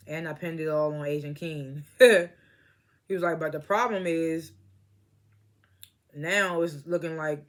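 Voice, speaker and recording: A man with a fairly high, slightly bright voice casually recaps a TV episode as a reviewer. He laughs a lot, acts out the characters' lines, and mentions that he's stoned.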